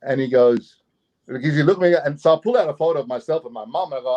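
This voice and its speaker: Australian man, lively storyteller. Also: on the high side, fast, muffled recording. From Doomadgee, Queensland, Australia. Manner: animated, repeats phrases, chuckles mid-story. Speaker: guest actor and festival promoter. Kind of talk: anecdotal storytelling in an interview.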